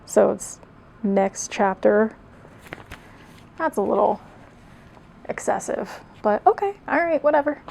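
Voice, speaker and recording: A woman's voice: mid-range voice, lively intonation, slow, creaky, pauses often, darkish tone, a little hiss or hum. A young woman reading her old fan fiction aloud, mocking it with sarcastic, self-deprecating asides and laughing at herself. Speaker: video creator.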